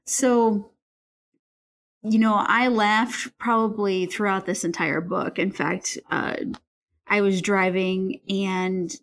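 A woman in casual conversation, an animated storyteller who laughs often while recounting a book. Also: mid-range voice, takes it slowly.

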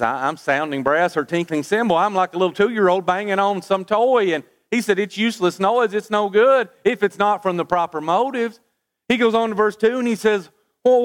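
High-pitched male preacher, folksy sermon. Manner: rhetorical questions, folksy asides, stammered restarts.

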